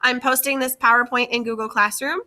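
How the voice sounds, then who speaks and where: A woman's voice: a little high, fairly even intonation, brisk, sharp tone. A woman teacher giving a slide-based lesson, speaking carefully and repeating key words for her students. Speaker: French teacher.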